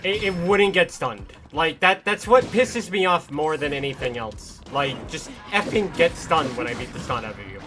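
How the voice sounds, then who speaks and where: A man streaming a video game, commenting live in frustrated, exasperated rants with sudden loud outbursts. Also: a little high, lively intonation, moderate pace, hardly any pauses, over music.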